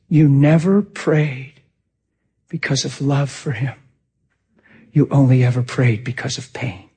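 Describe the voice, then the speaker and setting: A man's voice: a little high, moderate pace, slightly rough. A man preaching a sermon, telling a personal story with lots of energy and acting out what people said. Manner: animated, acts out quotes, laughs often.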